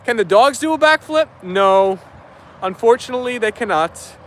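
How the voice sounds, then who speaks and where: A man's voice: extremely high pitch, lively intonation, moderate pace. A man hosting a dog livestream outdoors, reading viewer comments aloud in an upbeat, easygoing way. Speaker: livestream host. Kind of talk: live chat reading.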